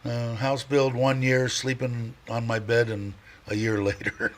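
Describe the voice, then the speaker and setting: A man's voice: mid-range voice, flat delivery, unhurried. A middle-aged man hosting a casual livestream, rambling and chatty, laughing often and stopping to restart his sentences. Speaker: livestream host.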